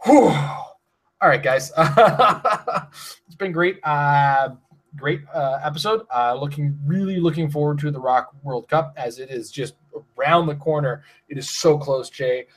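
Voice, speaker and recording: Young male podcast host, slightly high voice, loose and rambling delivery. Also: moderate pace. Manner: rambling, restarts with frequent fillers. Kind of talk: casual podcast chat reading sponsor spots.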